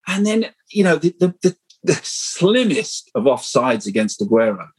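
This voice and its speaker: Husky, higher-pitched man. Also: normal speed, poor audio. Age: middle-aged. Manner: animated, rambling anecdotal storytelling. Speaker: guest screenwriter. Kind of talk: casual podcast interview.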